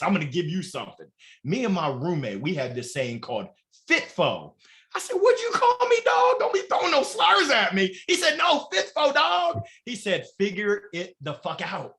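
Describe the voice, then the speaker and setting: A man giving an energetic motivational talk as a guest, casual and salty, laughing at his own stories. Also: a little high. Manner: energetic, swearing, laughing, animated. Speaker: guest speaker. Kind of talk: motivational talk on a live show.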